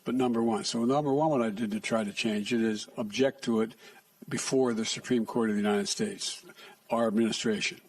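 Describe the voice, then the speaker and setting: An older man takes questions at a press conference, picking his way through answers with many restarts and half-finished phrases. His voice is husky and a little breathy. He sounds somewhat distant from the microphone. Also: mid-range voice, fairly even intonation. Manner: halting, restarts often, soft asides. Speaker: president answering reporters. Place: press room.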